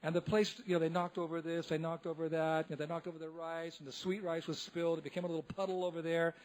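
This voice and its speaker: Man, monk, high voice, animated storyteller, laughs often, temple lecture. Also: quick pace. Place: temple hall.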